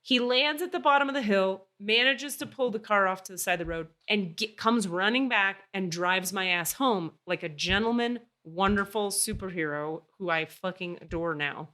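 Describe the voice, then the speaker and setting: A woman hosting a podcast tells a story in a lively, casual way and swears without holding back. Her voice is bright and forward, sitting at an ordinary middle pitch for a woman. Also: normal speed, hardly any pauses. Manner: animated, swears freely. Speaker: podcast host.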